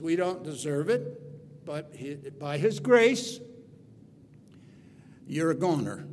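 A man preaching a sermon, retelling scripture with dramatic storytelling, swinging from loud emphasis to quiet asides. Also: on the high side, animated, slow, pauses often. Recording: reverberant hall, faint hum.

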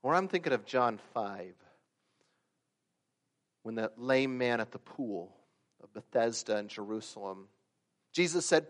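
A man preaching a sermon, swinging from loud emphatic peaks to quiet asides and acting out the stories he tells. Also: medium pitch, expressive, a little slow, pauses often. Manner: acts out quoted voices and stories. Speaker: pastor.

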